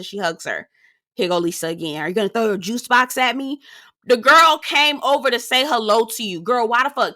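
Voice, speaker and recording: Sassy, blunt woman with a bright voice. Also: a little high, no echo, studio quality. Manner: sassy, blunt, swears freely, acts out quotes. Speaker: reality TV reviewer. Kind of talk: casual recap commentary.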